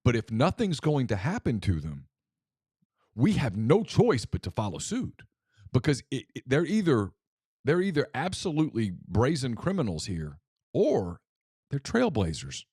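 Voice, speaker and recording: A man co-hosting a sports podcast, blunt and emphatic, who reads quoted passages aloud slowly in casual talk. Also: medium pitch, huge pitch swings, darkish tone, husky, no room sound, clean studio sound. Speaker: podcast co-host.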